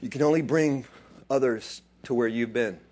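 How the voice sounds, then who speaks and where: A man preaching a sermon, dropping to quiet asides and then rising into loud, excited bursts. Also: medium pitch, normal speed. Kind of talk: animated sermon.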